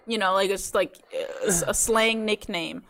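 A woman's voice: medium pitch, measured pace, gravelly, a bit bright, slight background noise. A young woman hosting a casual drinking word game, reading out words and handing out points with a giggly, playful manner.

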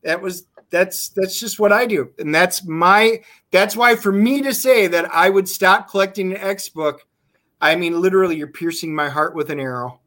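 A man on a talk show as a guest, telling animated stories over a video call. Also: high voice, moderate pace. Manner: animated storytelling. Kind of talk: casual chat.

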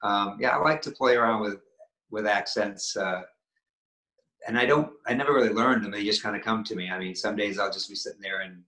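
Man with a Maine accent, bright voice. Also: on the low side. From Maine, USA. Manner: halting, many restarts and fillers. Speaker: guest actor. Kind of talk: casual interview chat. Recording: roomy echo.

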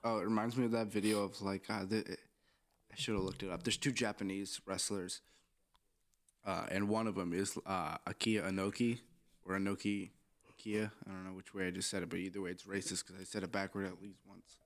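A young man with a low voice talks loosely on a podcast, rambling and swearing through jokes. His talk is unscripted casual chat with a co-host. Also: flat delivery, a little fast. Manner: rambling, profane, joking.

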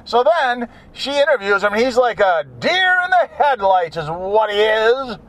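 A man's voice: high voice, very animated, unhurried, a bit bright. A man talking in a casual, rambling, jokey monologue as a vlogger.

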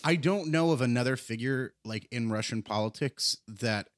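A man's voice: medium pitch, normal speed, dry recording, clean studio sound. A man co-hosting a podcast, rambling through opinions with restarts and silly put-on voices. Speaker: podcast co-host. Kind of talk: casual chat.

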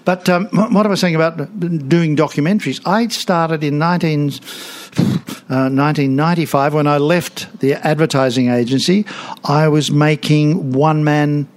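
An Australian man in his seventies, a TV comedian and author, guests on a studio interview and tells anecdotes. Chatty and quick to laugh, he restarts often. His voice is a little high and steady, at a moderate pace.

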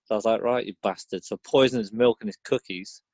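Deadpan podcast co-host, dull mic. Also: male voice, on the low side, fast, no room sound. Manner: dry, deadpan joker. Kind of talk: casual podcast banter.

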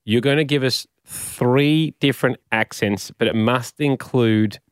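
A man's voice: medium pitch, unhurried, smooth, dry recording. A man co-hosting a comedy show, patiently explaining a game and laughing easily. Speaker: radio comedy co-host. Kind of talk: casual comedic banter.

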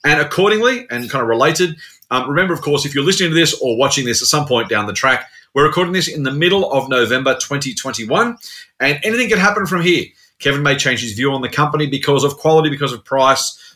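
Fast, bright-voiced Australian man hosting. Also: on the high side, animated. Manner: chatty, matey, uses filler and repeats. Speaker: podcast host, investment officer. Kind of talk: casual investing chat.

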